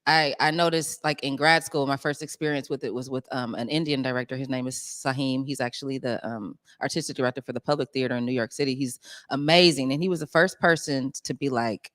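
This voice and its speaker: A young adult woman, a stage actress, chatting as a guest in an interview, talking loosely with many fillers and quick laughs. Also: extremely low pitch, no room sound, studio quality. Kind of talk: casual interview chat.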